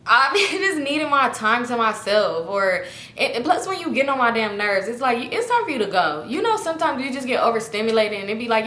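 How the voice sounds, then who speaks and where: A woman's voice: fairly high pitch, sing-song, fast, a bit bright, a little hiss or hum. A young woman telling a casual story to her viewers, acting out the quotes in other voices and swearing freely. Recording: echoey room.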